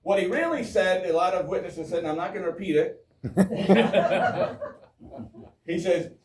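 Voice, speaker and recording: A man gives a lively, joking history talk, quizzing his audience in a fairly high voice. He is recorded from far off in an echoey town hall. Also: measured pace, a crowd in the background. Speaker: history speaker. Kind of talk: informal public history talk.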